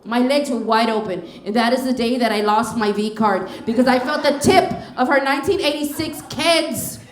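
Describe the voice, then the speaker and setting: High-voiced woman doing stand-up. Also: roomy sound, a little hiss or hum. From Texas. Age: middle-aged. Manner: animated storytelling, acting out dialogue. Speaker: stand-up comedian. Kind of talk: stand-up comedy set. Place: comedy club stage. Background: audience laughter.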